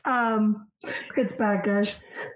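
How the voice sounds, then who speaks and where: A woman speaking as a player in a tabletop game, hesitant and halting. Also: mid-range voice, steady tone. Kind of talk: casual tabletop play.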